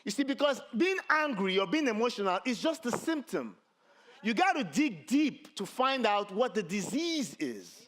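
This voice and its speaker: A middle-aged man, a pastor preaching a sermon with animated, self-mocking humor and a habit of saying "you see". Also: sits high, moderate pace. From Nigeria.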